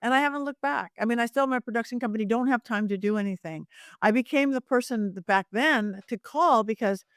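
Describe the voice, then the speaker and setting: A woman's voice: a little high, a little fast, no room sound, studio quality. A middle-aged woman, a psychic medium guest, telling stories animatedly and acting out the voices in them. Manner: animated, acts out voices in her anecdotes. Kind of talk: lively storytelling interview.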